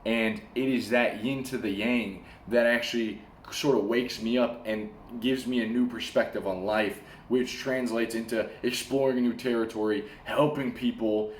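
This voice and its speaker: A man's voice: medium pitch, normal speed, hardly any pauses, slight background noise. Guy talking to camera all hyped and slangy, bro this bro that, hot stuffy room with echo. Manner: animated storyteller, slangy, says "bro" and "man". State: sweating from the heat. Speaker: vlogger. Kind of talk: casual advice monologue. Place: small room, air conditioner switched off.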